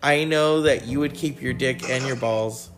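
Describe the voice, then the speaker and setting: A man's voice: mid-range voice, normal speed, noisy background. A man hosting a comedy show, teasing his co-host in brash, profane banter.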